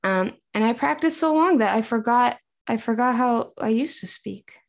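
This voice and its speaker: A shy, innocent female lake monster, as a woman improvises her in a comedy bit. She talks in a slightly high, halting, earnest way, stumbling over her words with naive sincerity. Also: lively intonation, vocal fry. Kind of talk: improvised comedy role-play.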